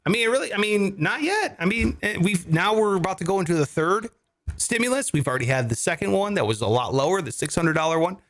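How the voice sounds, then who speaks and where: A man's voice: high-pitched, fast talker, no echo. A man co-hosting a comedy finance podcast, explaining with jokes and casual swearing. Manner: animated, jokey, swears casually. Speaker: co-host.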